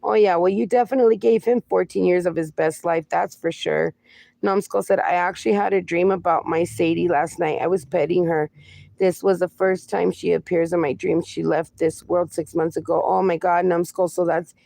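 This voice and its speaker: A woman's voice: lowish voice, fairly even intonation, moderate pace, creaky, dark tone, no room sound. A woman in her forties hosting a casual livestream, reading viewer comments aloud and answering them fondly, calling people "my darling" and "my friend". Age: 40s. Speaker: livestream host.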